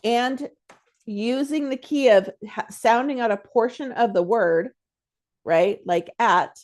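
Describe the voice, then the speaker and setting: A woman's voice: a little high, takes it slowly, a little mellow. A woman reading tutor in casual instructional talk, chatty and self-correcting, acting out word drills aloud.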